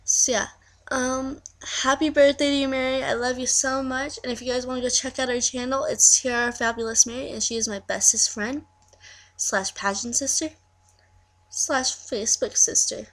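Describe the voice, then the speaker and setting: A teenage girl with a lisp records a rambling birthday message for her best friend. Her voice sits a little high and carries a gravelly fry, and she keeps laughing at herself as she goes. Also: steady tone, normal speed, a bit bright. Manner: rambling, self-deprecating, giggly. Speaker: vlogger. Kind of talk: casual birthday video message.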